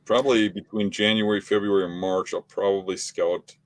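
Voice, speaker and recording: A middle-aged man talking in a matter-of-fact, unhurried way on a podcast. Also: lowish voice, level tone. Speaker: podcast co-host, hunting guest. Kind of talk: casual conversation.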